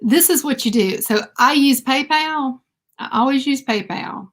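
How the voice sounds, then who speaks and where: A woman's voice: high voice, measured pace. A woman, chatting casually on a livestream with lots of fillers and laughs. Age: 50s. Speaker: beauty vlogger.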